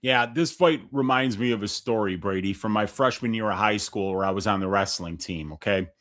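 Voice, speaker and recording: A middle-aged man tells a rambling story on a podcast in casual, profane chat. He jumps into the voices of the people he quotes and keeps the telling lively. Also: lowish voice, fairly quick. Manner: animated storyteller, swears freely, acts out quoted people. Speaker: podcast co-host.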